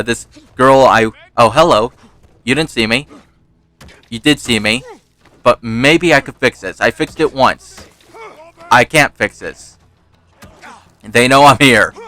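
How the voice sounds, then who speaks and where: A man's voice: mid-range voice, bright, forceful tone. A man giving casual let's-play commentary, rambling through personal stories, laughing often and swearing freely. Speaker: gaming YouTuber.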